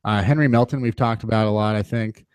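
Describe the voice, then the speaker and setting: A man's voice: lowish voice, fairly even intonation, quick pace, clean tone, no room sound. A man hosting a sports podcast, chatting casually in a loose, self-deprecating way with lots of "uh" fillers. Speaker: podcast host.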